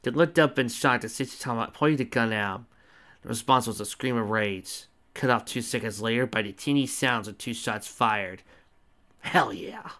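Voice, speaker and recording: A man's voice: mid-range voice, normal speed, sharp tone. Man casually reading fan fiction aloud. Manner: casual, stumbling reading with asides. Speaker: fanfiction reader.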